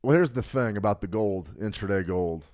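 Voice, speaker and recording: A middle-aged man hosting a live trading stream, talking fast and joking with viewers while he reads the chat. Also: on the low side, darkish tone. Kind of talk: live market analysis, reading chat.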